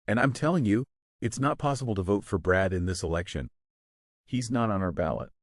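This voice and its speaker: A man voicing a calm, weary male election worker who explains slowly and carefully, in a low, dry voice. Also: no room sound. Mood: patient. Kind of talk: scripted story narration.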